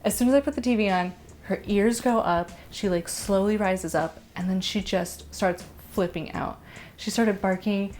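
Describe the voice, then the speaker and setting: A young woman vlogger telling a story to camera in a casual, animated way, rushing through quick asides. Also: mid-range voice, slight background noise. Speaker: vlogger and dog owner.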